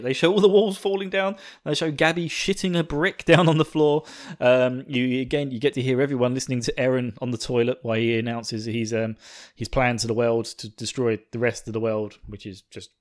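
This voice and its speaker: Laughing Essex man chatting on a podcast. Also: mid-range voice. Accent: Essex English. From England. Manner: chatty, self-mocking, laughs often. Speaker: podcast host. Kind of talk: casual solo podcast chat.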